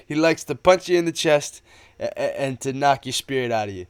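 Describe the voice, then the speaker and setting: A young man giving casual, excitable commentary on a movie trailer, rambling and slangy. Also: medium pitch, a little fast, clear, resonant tone. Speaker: movie trailer breakdown YouTuber.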